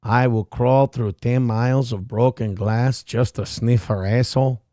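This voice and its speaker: Man doing a foul-mouthed bragging house dog, mid pitch, dry close sound. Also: fairly even intonation, a little slow, dark tone, dry recording, natural voice. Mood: smug. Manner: vulgar, bragging, belligerent. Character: crude boastful male pet dog.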